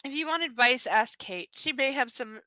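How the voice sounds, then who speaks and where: A woman's voice: sits high, lively intonation, moderate pace, bright, forceful tone, dry recording, low-quality recording. A woman reading a romance novel aloud live, breaking off for sarcastic, swearing jokes about the text. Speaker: reader of a novel.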